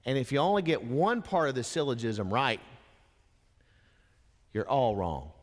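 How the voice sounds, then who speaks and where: Slow, dramatic preacher in a reverberant hall. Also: male voice, medium pitch, very animated. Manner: dramatic storytelling, swings from hushed to impassioned. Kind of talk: sermon.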